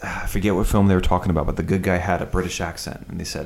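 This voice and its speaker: A man's voice: low voice, fairly even intonation, racing, vocal fry, few pauses, darkish tone, slight background noise. A man in casual chat, ranting with strong opinions and mocking impressions. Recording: echoey room.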